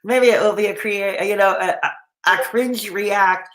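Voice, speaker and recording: A woman's voice: mid-range voice, normal speed, fairly bright tone, echoey room. A woman hosting a casual live stream, chatting and answering viewer comments with many fillers and restarts, while she has the hiccups. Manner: rambling, frequent fillers and restarts.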